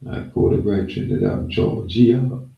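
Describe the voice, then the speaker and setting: A man with a Jamaican accent talking in a loose, rambling monologue, often saying "yeah, man". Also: lo-fi sound. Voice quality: gravelly, low and slow. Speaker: channel host. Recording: echoey room, mic at a distance.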